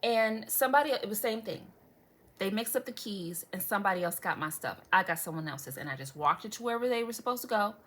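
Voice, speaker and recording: A woman's voice: medium pitch, animated, fast, fairly bright tone. A young adult woman vlogger telling a story in casual chat, dramatic and sarcastic, swearing freely and asking viewers asides. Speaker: beauty vlogger.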